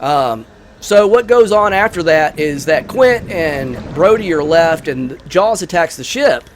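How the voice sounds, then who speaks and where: A man casually chatting over a video game while retelling a movie plot, rambling and excitable, with lots of fillers. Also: a little high, unhurried, a little hiss or hum. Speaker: gaming YouTuber. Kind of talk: casual gameplay commentary with movie review.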